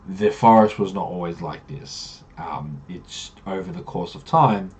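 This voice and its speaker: A man's voice: deep voice, a little mellow, husky, muffled recording. A man, a game master recapping a tabletop campaign in loose, rambling storytelling.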